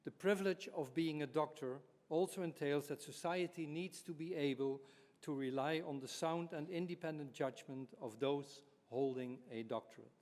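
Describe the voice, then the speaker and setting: A man officiating at a ceremony, reading formal text in a measured way. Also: a little high, darkish tone. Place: university ceremony hall. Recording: echoey hall.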